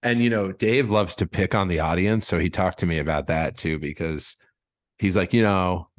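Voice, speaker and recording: A man hosting a casual podcast chat, relaxed and laughing often as he tells anecdotes. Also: low voice, normal speed, no room sound, studio quality. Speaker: podcast host.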